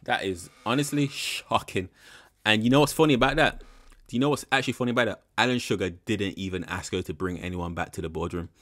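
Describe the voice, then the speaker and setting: A man's voice: on the low side, quick pace, fairly bright tone. A young man giving rambling, frank commentary in a casual reaction video. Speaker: reaction channel host.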